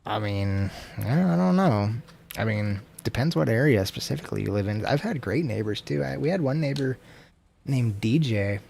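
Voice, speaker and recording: An expressive American man with vocal fry and a slightly mellow voice chats at normal speed while streaming a video game, with slight background noise. He rambles and curses casually, sometimes dropping to a murmur or whisper.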